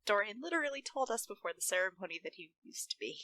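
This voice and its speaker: A woman player in a tabletop game, making quiet, wry asides. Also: medium pitch, sing-song, quick pace.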